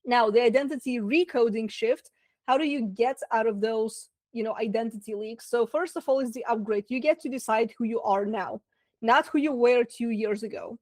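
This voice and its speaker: A chatty woman with a Russian accent coaching a live online class, her voice sitting a little high. She talks loosely, with fillers and side remarks. The sound is dry and close, with no room around it. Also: normal speed, a little mellow, dry recording. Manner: chatty, lots of fillers and asides. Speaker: business coach. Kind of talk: webinar masterclass talk.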